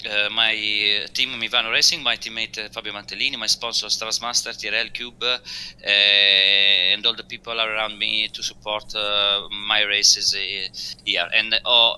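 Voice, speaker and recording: Bright, crisp man. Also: lowish voice, poor audio. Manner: halting, searching for English words with many fillers. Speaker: race driver guest. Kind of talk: post-race interview over voice chat.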